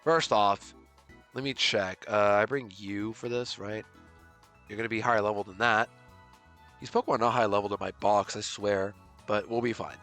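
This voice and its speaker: A man streaming a video game live, chatting with his viewers and swinging from panicked outbursts to relaxed chatter. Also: lowish voice, normal speed. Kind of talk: live gameplay commentary. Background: faint game music.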